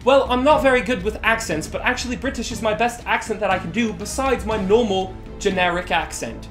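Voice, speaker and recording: Guy doing a comment q&a vlog, rambly and excitable, pokes fun at himself, faint music in the back. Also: high voice, fairly quick, hardly any pauses. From Utah, USA. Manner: excitable, rambling, self-deprecating. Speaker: YouTuber answering viewer questions. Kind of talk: casual vlog Q&A.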